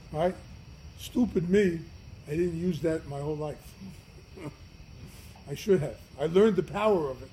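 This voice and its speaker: Rabbi giving a class, slightly high voice, earnest and emphatic, faint noise behind him. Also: male voice, low-quality recording. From United States. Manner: earnest, emphatic, swings from loud to quiet. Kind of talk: storytelling Torah class.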